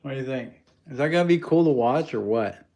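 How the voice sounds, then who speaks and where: A man's voice: medium pitch, lively intonation, a little fast, gravelly, darkish tone. A man hosting a casual livestream, talking through a build in a rambling, joking, technical way.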